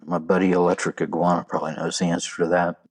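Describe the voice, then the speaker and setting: A man's voice: low-pitched, level tone, fast, slightly rough. A man hosting a solo podcast, sharing trivia and jokes in a folksy, casual way. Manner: folksy, joking delivery with trivia. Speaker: podcast host.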